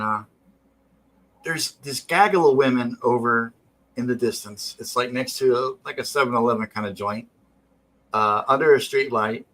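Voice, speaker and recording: A man's voice: medium pitch, poor audio. A man hosting a drawing stream, telling a rambling story with casual swearing. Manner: rambling, profane, animated. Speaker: stream host.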